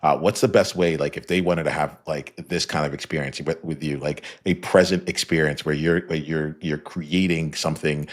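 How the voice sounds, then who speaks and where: A man hosting a podcast interview, talking in a halting way with lots of repeated words and "like" fillers. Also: very deep voice, steady tone. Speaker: podcast host. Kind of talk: casual interview conversation.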